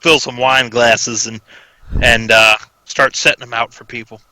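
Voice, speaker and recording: A man's voice: mid-range voice, little pitch movement, unhurried, sharp tone, low-quality recording. A man playing a tabletop game, talking hesitantly with many restarts. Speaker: player. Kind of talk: casual tabletop play.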